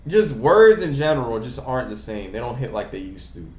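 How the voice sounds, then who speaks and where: A young man hosting a casual chat, talking in an animated, rambling and slangy way. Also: medium pitch, brisk, roomy sound. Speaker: host.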